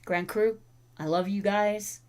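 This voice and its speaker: A woman's voice: mid-range voice, fairly even intonation, takes it slowly, a little mellow, clean tone. A woman hosting a casual livestream, chatting with viewers and breaking off to talk to her dogs. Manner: chatty, talks to her dogs and chat between thoughts. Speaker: livestream host.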